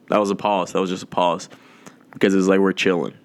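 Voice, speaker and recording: Rambling profane man, low voice. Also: flat delivery, a little fast, clear, resonant tone. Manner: rambling, profane, darkly joking, drawn out. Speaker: podcast host. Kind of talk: casual rambling monologue.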